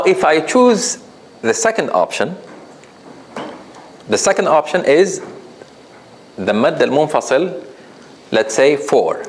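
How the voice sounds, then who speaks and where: A man teaching a recitation class, patiently explaining rules, asking his students questions and demonstrating with drawn-out chanted examples. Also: mid-range voice, a little hiss or hum, rough recording. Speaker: tajweed teacher.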